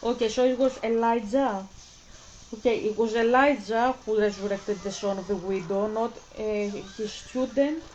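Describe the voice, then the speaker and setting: A woman's voice: fairly high pitch, steady tone, moderate pace, a little mellow, highs cut off, slight background noise. A woman hosting a reaction video, rambling and exasperated as she stumbles over her words. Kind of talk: casual reaction commentary.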